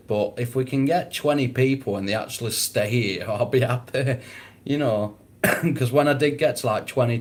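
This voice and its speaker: A man's voice: mid-range voice, darkish tone. A man hosting a casual livestream, chatting with viewers, swearing and laughing a lot. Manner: laid-back, swears a lot, laughs often. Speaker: livestream host. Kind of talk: casual livestream chat reading comments.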